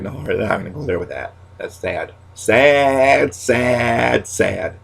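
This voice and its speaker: A man's voice: medium pitch, expressive, slow, gravelly, husky. A man in his thirties, a stand-up comic, talking to camera in a loose, rambling monologue full of restarts and pet catchphrases. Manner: goes quiet and subdued when talking about loss.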